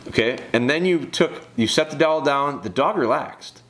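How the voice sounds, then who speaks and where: A man's voice: mid-range voice, lively intonation, moderate pace, fairly bright tone. A man breaking down a dog training video, talking straight to the handler in a direct, coaching way and repeating phrases for emphasis. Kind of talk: casual video breakdown commentary.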